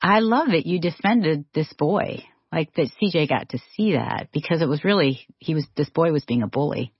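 A female co-host with a low, husky voice muses and asks questions in a casual studio chat. The recording is dry and a touch muffled. She sounds reflective and engaged. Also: lively intonation, moderate pace, dry recording. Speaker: co-host, host's wife. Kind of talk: casual conversation on a faith-based talk show.

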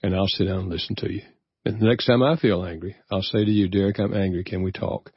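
A man's voice: deep voice, fairly even intonation, fast talker, breathy edge, no echo, dull audio. An older man, a guest author, telling a personal story in an earnest, reflective way during a radio interview. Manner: earnest, reflective, easy chuckles.

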